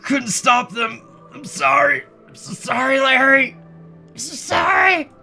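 A man voicing a gravely wounded father in a video game, delivering his last words in a hammy, tearful, shouted way. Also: a little high, measured pace, faint music behind. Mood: anguished. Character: dying father, wounded and sobbing apologies.

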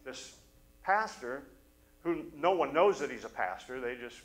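A man's voice: mid-range voice, a little slow, low-quality recording. Man preaching a story-filled sermon. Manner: animated storyteller, acts out quoted voices. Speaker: pastor. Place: church service.

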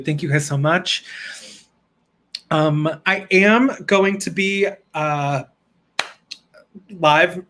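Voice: mid-range voice, fairly bright tone. Bubbly, chatty livestream host. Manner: bubbly, chatty, laughs often, pleads with viewers. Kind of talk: casual livestream chat.

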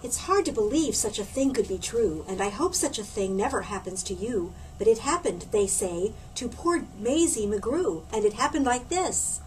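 Woman story reader, high voice, lively swooping delivery, sounds a bit away from the mic, faint background noise. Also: normal speed, few pauses, far from the mic, rough recording. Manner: lively, expressive storybook reading with put-on voices. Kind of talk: reading a picture book aloud to children.

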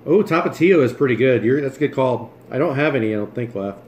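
A jokey man chats his way through a cooking livestream, talking while he moves things around and eats. His voice sits at an ordinary middle pitch. The room rings back around him, with a faint hum in the background. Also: lively intonation, fast talker, a little mellow, reverberant. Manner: chatty, jokey, talks while moving and chewing. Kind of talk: casual livestream chat. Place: home kitchen.

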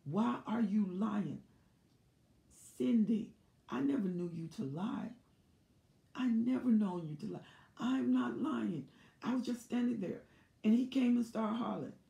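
A woman's voice: on the high side, a little slow, creaky, pauses often, mellow, voice pushed up. A woman voicing a flustered wife who pleads that she is innocent. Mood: pleading. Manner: pleading, protesting. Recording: echoey room.

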